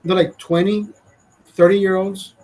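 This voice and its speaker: Husky Honduran man ranting bluntly. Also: high-pitched, level tone, unhurried, dark tone, rough recording. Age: 40s. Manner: profane, blunt, indignant ranting. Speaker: vlogger. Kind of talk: casual ranting monologue.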